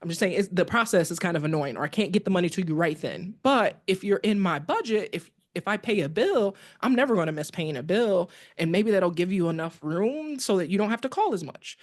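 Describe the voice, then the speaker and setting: A woman guest on a podcast, recounting a personal story in a lively way and acting out the dialogue she remembers. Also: fairly low pitch, brisk, few pauses.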